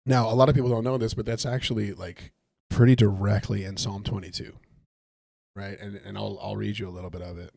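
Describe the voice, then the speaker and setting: Low, gravelly-voiced man leading Bible study. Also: little pitch movement, a little fast, a little mellow, dry recording. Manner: thoughtful, conversational, reads scripture aloud. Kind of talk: casual Bible study while gaming.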